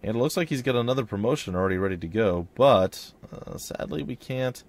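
A man's voice: medium pitch, animated, a little fast. A young man hosting a let's play, chatting casually about his choices and reading the game's text aloud. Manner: chatty, reads in-game text aloud and voices characters lightly. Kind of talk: casual gameplay commentary with dialogue read aloud.

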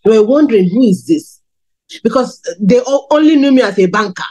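Woman in her 30s from Nigeria, fairly high voice, candid sermon testimony, swinging pitch. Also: animated, fast, mellow, rough recording. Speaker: preacher.

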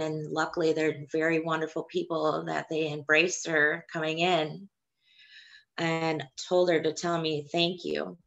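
A young woman with a low, deep-set voice recounts her own experience. She speaks haltingly and hesitantly, in the plain way of a personal testimony. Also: a bit bright. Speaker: woman sharing her childbirth story.

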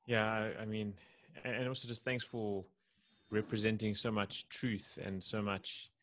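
A man's voice: lowish voice, flat delivery, a bit bright. A man hosting a podcast interview, thanking his guest and searching for words before asking a question. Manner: appreciative, halting, searching for words. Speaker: podcast host. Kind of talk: interview conversation.

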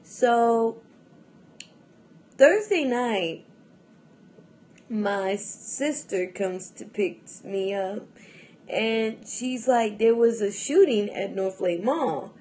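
A woman's voice: a little high, lively intonation, very slow, pauses often, darkish tone. A young adult woman vlogging in a casual, rambling chat to camera, full of fillers and restarts and often breaking into laughs.

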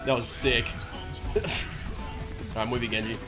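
A young man giving joking, excitable gameplay commentary with sudden shouts. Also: medium pitch, unhurried. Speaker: gaming streamer. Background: background music.

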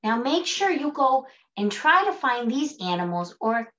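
A woman teaching an early childhood music class, gentle and sing-song, with hushed asides. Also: fairly high pitch, big pitch swings, a little slow. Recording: dull lo-fi sound.

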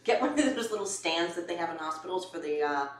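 A woman's voice: on the low side, fast. A woman co-hosting a home cooking show and teasing her partner with dry remarks. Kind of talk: casual cooking show banter. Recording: roomy, from a distance, faint background hiss.

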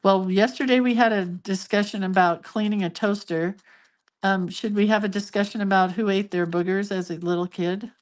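A woman's voice: mid-range voice, steady tone, moderate pace. An older woman chatting casually on a live stream while she draws, telling stories with giggles and asides. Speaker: hand-lettering artist hosting a live stream.

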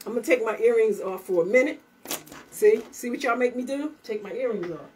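A woman's voice: fairly high pitch, fairly quick, darkish tone, distant mic, soft background music. A woman selling her handmade bags on a livestream, in a chatty, upbeat way and talking straight to her viewers. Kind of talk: casual live sales pitch.

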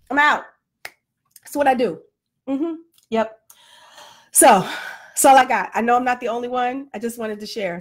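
A woman in a casual, comedic vlog rant, animated and self-deprecating, still winded and flushed from a workout. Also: high voice. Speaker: vlogger.

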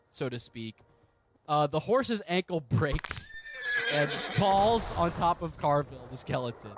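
A man's voice: on the high side, a bit bright, slight background noise. Man narrating as game master. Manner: rambling, halting, amused. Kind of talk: narrating a comedic tabletop game.

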